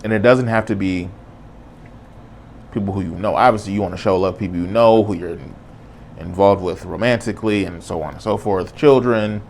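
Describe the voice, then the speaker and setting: A man with a low, deep voice and a gravelly edge hosts a solo podcast. He talks in an earnest, reflective way, casual and loose, dropping "bro" as he goes. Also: brisk, darkish tone, a little hiss or hum. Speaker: podcast host.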